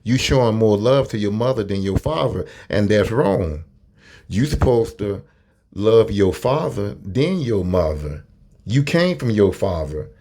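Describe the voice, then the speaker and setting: Brief: hesitant, preachy male commentator, lower pitch, casual talk to camera. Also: lively intonation, unhurried, mellow. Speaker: video commentator.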